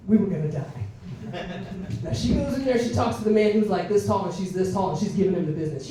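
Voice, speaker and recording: Woman stand-up comic, animated storyteller, mellow tone, recorded from far off in an echoey club. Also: fairly low pitch, fast, slight background noise. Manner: animated, acts out quoted voices. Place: comedy club stage.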